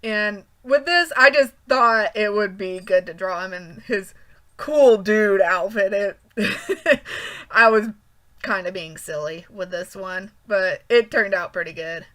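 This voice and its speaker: A woman's voice: mid-range voice, slow, fairly bright tone. A woman chatting casually over her drawing, rambling with frequent ums and restarts. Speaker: art channel creator.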